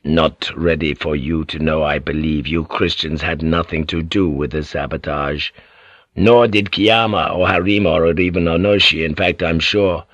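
A man reading a cunning warlord in a very low, measured voice. He sounds authoritative and calculating, and the close, dry read has no room sound. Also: fairly even intonation, fairly bright tone, dry recording. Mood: scheming. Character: shrewd, commanding male feudal warlord.

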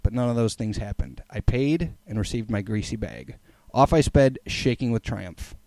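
Man reading a comic blog, mellow voice. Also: fairly low pitch, moderate pace, no echo. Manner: playful, animated storytelling. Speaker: podcast host reading a blog aloud. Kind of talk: dramatic comic reading with chat.

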